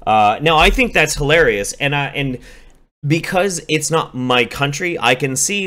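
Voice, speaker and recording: A man's voice: medium pitch, normal speed. A man on a call, talking bluntly and profanely in a casual debate, telling stories with energy. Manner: blunt, profane, animated storytelling.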